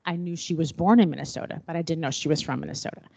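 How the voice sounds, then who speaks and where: Woman, middle-aged, personal storytelling, expressive, quoted dialogue, dry close sound. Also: low-pitched, racing, gravelly, no echo. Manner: expressive, acts out remembered dialogue. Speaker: panel speaker.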